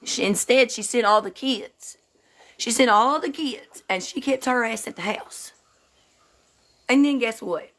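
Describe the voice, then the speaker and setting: A woman's voice: on the high side, a bit bright. A woman hosting a casual livestream, greeting viewers by name in a loose, slightly sleepy way. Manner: slightly slow and drowsy, just woke up. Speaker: livestream host.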